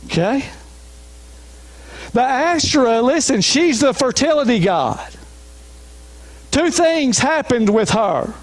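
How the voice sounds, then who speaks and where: High-pitched pastor preaching hard, keeps saying listen. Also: male voice, expressive, slow, pauses often, dry recording. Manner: emphatic, repeats refrains, urges listeners to listen. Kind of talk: sermon.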